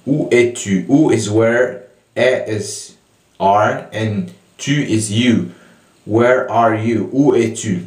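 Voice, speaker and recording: A man with a French accent explaining everyday spoken French in a casual lesson, slow and hesitant with many fillers and restarts. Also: on the low side, a little mellow, reverberant, recorded from a distance. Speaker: French tutor.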